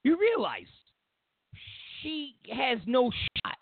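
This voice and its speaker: His very high-pitched, creaky voice swoops wildly as this political talk show host rants at a slow pace. The monologue is blunt and full of profanity, and he imitates opponents in whiny voices to mock them. Audio is tinny and phone-like, with no room sound.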